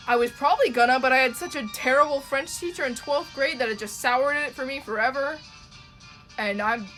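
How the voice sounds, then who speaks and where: A woman's voice: on the high side, a bit bright. Rambling young Canadian woman streamer. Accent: Toronto Canadian. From Ontario, Canada. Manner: rambling, chatty, swears casually. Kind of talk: casual live-stream chat while drawing.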